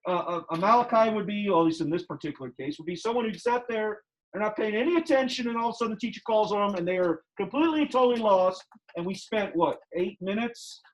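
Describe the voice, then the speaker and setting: A man's voice: high voice, fast talker, hardly any pauses, rough recording. A male math teacher in a classroom who teaches emphatically, repeats key steps and teases his students with sarcasm.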